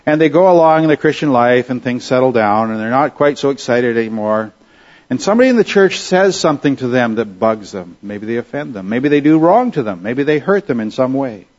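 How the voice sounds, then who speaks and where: A man's voice: mid-range voice, lively intonation, fairly quick, darkish tone. Earnest preaching man, dull lo-fi sound. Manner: earnest, conversational preaching with rhetorical questions. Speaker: pastor. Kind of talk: sermon.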